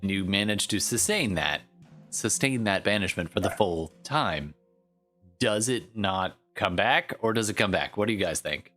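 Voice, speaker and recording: A man running a tabletop game as game master, talking in a relaxed, rambling way with frequent fillers. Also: on the low side, moderate pace, faint music behind.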